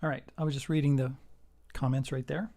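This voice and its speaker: A man's voice: mid-range voice, steady tone, fairly quick, creaky, warm tone. A man giving a casual guitar lesson, walking through a song and counting out the beats. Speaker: guitar teacher. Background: acoustic guitar playing.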